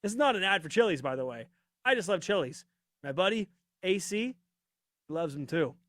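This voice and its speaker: Chatty podcast host, dry close mic. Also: male voice, high voice, big pitch swings, brisk, a bit bright, dry recording. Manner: chatty and rambling, reads viewer comments aloud. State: voice getting worn out. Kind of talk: casual live-stream chat.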